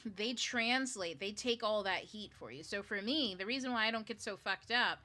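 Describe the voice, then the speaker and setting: A woman's voice: medium pitch, moderate pace, bright, forceful tone. A woman hosting a book club, explaining spiritual ideas in a loose, chatty way, full of fillers and the odd swear word. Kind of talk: casual spiritual teaching talk.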